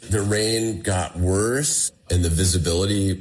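An interview guest with a low voice speaks a little slowly as he describes surviving a personal ordeal. His conversational retelling is animated, and he acts out the dialogue of the people involved.

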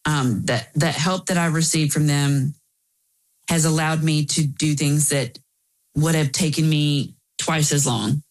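A woman guest in an interview, earnestly telling a personal story with quick asides. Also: deep voice, fairly even intonation, poor audio.

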